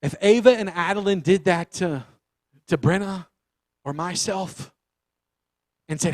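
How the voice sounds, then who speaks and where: A man preaching a youth sermon, animated and acting out the voices of the story. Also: sits high, measured pace, pauses often, no room sound. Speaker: youth pastor.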